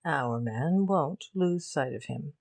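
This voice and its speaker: A woman reading a confident military gentleman who speaks in an assured way. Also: deep voice, lively intonation, slow, heavily acted.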